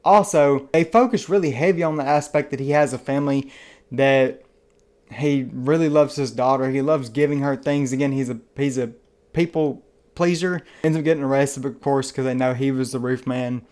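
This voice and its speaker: A Southern man from the United States gives a casual spoken movie review, earnest and enthusiastic, rambling and chatty with many fillers and frequent restarted phrases. His mid-range, darkish voice holds a steady tone at normal speed.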